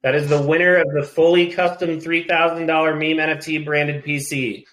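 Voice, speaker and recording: A man's voice: a little high, level tone, normal speed, a bit bright, roomy sound, low-quality recording. A man hosting a casual community livestream. He is under the weather and talks in a rambling, emotional way. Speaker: host.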